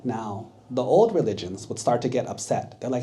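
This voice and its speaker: A monk giving a children's sermon in a temple, his voice mellow and warm-toned. He keeps asking the kids questions and checking in with them as he tells the story. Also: medium pitch, animated, moderate pace, few pauses. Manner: asks the audience questions, checks with 'right?'.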